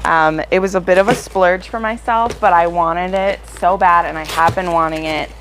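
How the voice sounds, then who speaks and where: Woman, casual book vlogger; chatty, eager, slightly low-pitched, lots of ums. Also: moderate pace, a little hiss or hum, rough recording. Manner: chatty and excitable, with frequent fillers. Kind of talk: casual chat to camera.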